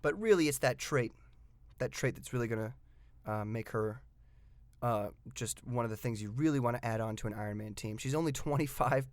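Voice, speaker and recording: A man talks through his favorite tabletop game pieces in a relaxed, excited way, full of ums and uhs. He reads the rules aloud, then chimes in with his own take. His voice sits at a middle pitch, and the recording is dry, with no room sound. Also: dry recording. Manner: chatty and enthusiastic, with frequent fillers. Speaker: tabletop miniatures game reviewer. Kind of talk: casual hobby review.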